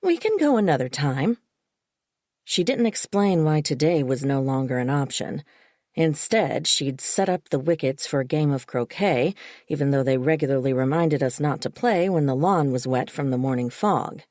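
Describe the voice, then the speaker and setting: A woman reading a first-person psychological thriller audiobook in a steady, measured way. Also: very deep voice, dry recording, studio quality. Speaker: audiobook narrator. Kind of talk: first-person scripted narration.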